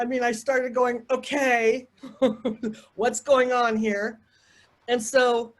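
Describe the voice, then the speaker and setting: An older woman from the United States tells a personal story as an interview guest, with a slightly high voice. Her telling rambles and turns emotional, and she slips into quoted asides as she goes.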